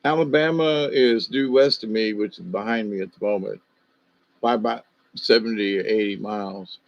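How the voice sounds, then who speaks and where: An older man from Ohio with a faint Southern US accent hosts a livestream, his lowish voice moving at a moderate pace through a meandering, hesitant monologue packed with fillers. The sound is dry, with the highs cut off.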